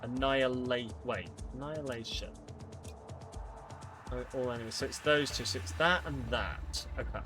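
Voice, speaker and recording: A man on a live stream playing a game, reading its dialogue aloud and thinking out loud, with lively delivery. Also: medium pitch, moderate pace, music in the background.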